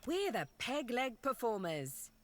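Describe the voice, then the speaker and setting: A woman's voice: a little high, sing-song, unhurried. A woman voicing a weary, self-pitying theater troupe director in a fantasy game, dramatic and folksy in her complaints. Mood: dejected. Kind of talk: video game voice acting.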